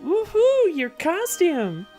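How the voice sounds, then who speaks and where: A woman's voice: very high-pitched, huge pitch swings, slow, warm tone, soft background music, voice pushed up, exaggerated voice. A woman voicing a naive, carefree young woman animal tamer in a video game. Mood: giddy.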